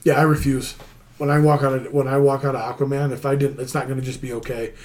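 A man's voice: medium pitch, level tone, fast talker, a little mellow. A man hosting a casual podcast, teasing his co-hosts and giving emphatic opinions. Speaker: podcast host.

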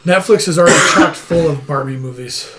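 Man, somewhat high voice, podcast host, teasing, emphatic. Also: a little fast, pushed and bright. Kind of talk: casual podcast chat.

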